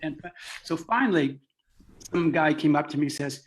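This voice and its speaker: A man, a clown, telling a lively anecdote in a conversation, laughing and restarting as he goes. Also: fairly high pitch, normal speed. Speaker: clown and co-founder guest. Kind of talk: animated storytelling.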